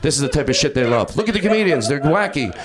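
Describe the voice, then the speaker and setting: A man doing improvised stand-up in a comedy club, yelling and then mumbling his asides. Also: fairly high pitch, fast, a little hiss or hum. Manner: loud, excitable, swings between yelling and mumbling asides. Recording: live club with crowd laughter. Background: audience laughter.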